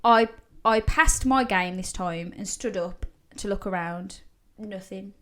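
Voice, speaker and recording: Reading listeners' ghost stories on a podcast she co-hosts, a woman keeps the chat casual, laughing and swearing now and then. She speaks in a mid-range, slightly bright voice at a measured pace.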